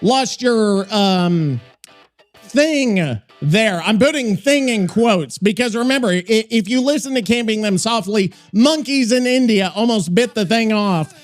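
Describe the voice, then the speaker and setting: A man hosting a podcast in casual chat, rambling, swearing and excitable. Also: high voice, a little slow, faint music behind. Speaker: podcast host.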